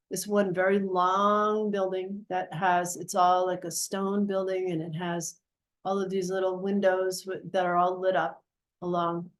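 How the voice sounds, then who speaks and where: A woman telling the story of a personal dream in an earnest, reflective way, often correcting herself as she goes. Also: lowish voice. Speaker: guest.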